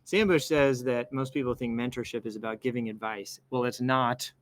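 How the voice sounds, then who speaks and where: A man's voice: medium pitch, steady tone, moderate pace, hardly any pauses, rough recording. A man hosting a casual show, reading posts aloud and wandering off into enthusiastic personal asides. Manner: meandering, self-interrupting, enthusiastic asides. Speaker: host reading social media posts. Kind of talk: casual rambling commentary.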